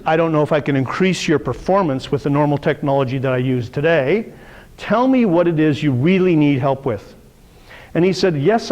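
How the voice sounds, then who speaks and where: A middle-aged man runs a sales training workshop, speaking in a voice pitched a little high for a man. He teaches through stories, acting out the people in them as he goes. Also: darkish tone, long reverb tail. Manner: storytelling, acts out quoted voices. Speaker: sales coach.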